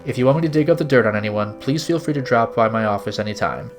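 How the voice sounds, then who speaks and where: Man doing a sly fox investigator, suave, courtly, faintly raised pitch. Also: fast talker, lightly acted. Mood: smooth. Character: sly male fox private investigator, smooth and theatrical.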